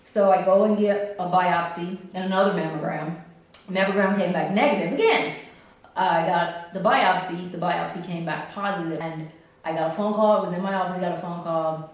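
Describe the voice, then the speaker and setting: A woman telling her own story in a casual, animated way, often acting out what others said in a high voice. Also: normal speed. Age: older. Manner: animated, acts out other people's lines in a high voice. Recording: roomy echo, distant from mic.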